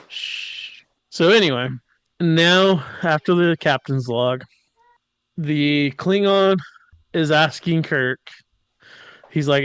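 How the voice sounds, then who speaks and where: Slow, smooth male podcast host, joking recap with character mimicry, dry close sound. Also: fairly high pitch, fairly bright tone, no room sound. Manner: jokey, mimics characters in quotes. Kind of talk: casual episode recap.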